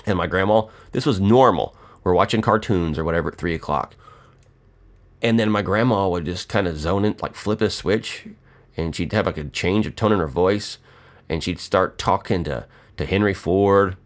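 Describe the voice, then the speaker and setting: A man's voice: sits low, moderate pace. A middle-aged man telling rambling, profane and joking stories in a casual monologue.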